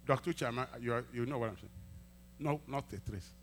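A male pastor preaching a sermon, telling a testimony and acting out the dialogue, swinging from quiet asides to loud emphatic peaks. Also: mid-range voice, brisk, slight background noise. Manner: acts out quoted dialogue in storytelling.

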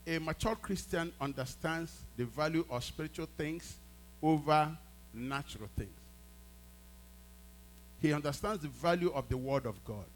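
A man's voice: on the high side, slight background noise, poor audio. A man preaching a sermon as a pastor, emphatic, repeating phrases and prompting his congregation.

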